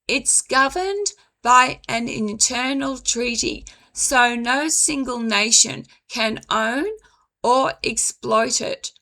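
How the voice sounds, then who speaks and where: A woman reading a slow, measured commentary script, her voice dry and now and then stumbling over words. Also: on the high side, bright, forceful tone. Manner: measured, deliberate, apologizes for stumbling. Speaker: commentary video host.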